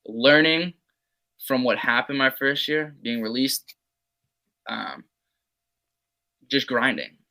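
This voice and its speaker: A young man, a podcast guest, telling his sports stories in a loose, casual way. He swears freely, leans on "like" and "man," and drops low to mutter his quoted asides. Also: takes it slowly, gravelly, pauses often, pushed and bright, rough recording. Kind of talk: casual storytelling.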